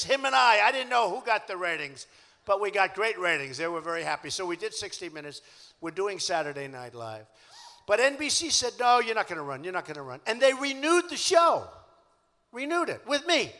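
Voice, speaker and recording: An older man with a New York accent delivers a rambling, boastful campaign rally speech, circling back to repeat himself in a chatty way. His voice is high-set and bright, with a sharp, forceful edge. The recording carries the long echo of a large civic hall. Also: expressive, moderate pace. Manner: boastful, repetitive, conversational. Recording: echoey hall.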